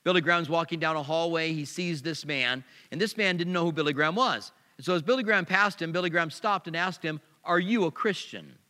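A pastor preaching a sermon, animated, with sharp swings in pitch and loudness. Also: male voice, quick pace, hardly any pauses, smooth, big-room sound.

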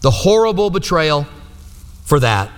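A man's voice: on the high side, very animated, measured pace, clear, resonant tone. Pastor guy giving a chatty sermon, keeps checking "right?", church echoing around him. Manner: conversational, asks the room for agreement. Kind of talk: sermon teaching. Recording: long hall reverb.

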